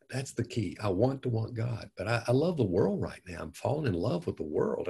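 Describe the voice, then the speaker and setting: Older male pastor, low gravelly voice, unpolished and earnest, telling personal stories. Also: lively intonation, normal speed, darkish tone. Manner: earnest, folksy, many fillers and restarts. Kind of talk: conversational storytelling.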